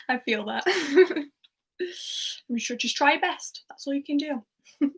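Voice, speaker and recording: A young woman runs a quiz over a livestream in a relaxed, talkative way, with a slightly high voice. She laughs easily between questions and reads each one out twice so everyone can follow. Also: extremely slow, low-quality recording. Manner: chatty, laughs often, reads out and repeats quotes. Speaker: quiz host. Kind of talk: casual livestream quiz hosting.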